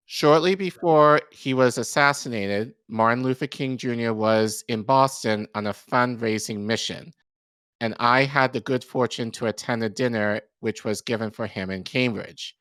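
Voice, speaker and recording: A man co-hosting a podcast who reads an article aloud, with steady delivery and occasional stumbles and self-corrections. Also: medium pitch, moderate pace, smooth, no echo. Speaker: podcast co-host.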